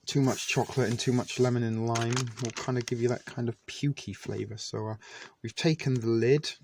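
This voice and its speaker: Casual male food vlogger, mid-pitched, self-deprecating, talks while chewing; faint clicks in the background. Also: steady tone, brisk, gravelly, a little mellow, a little hiss or hum. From Canada. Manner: chatty and self-deprecating, talks with mouth full. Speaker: vlogger reviewing military rations. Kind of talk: casual eating review.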